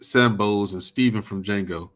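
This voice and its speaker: A man on a casual livestream panel, teasing the others loudly and repeating his lines. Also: lowish voice, moderate pace, a crowd in the background. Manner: loud teasing, repeats phrases.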